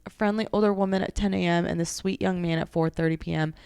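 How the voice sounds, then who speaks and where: A woman hosting a podcast, reading aloud posts and adding chatty, animated asides of her own. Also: on the low side, quick pace, gravelly, smooth, no room sound. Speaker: podcast host and massage therapist.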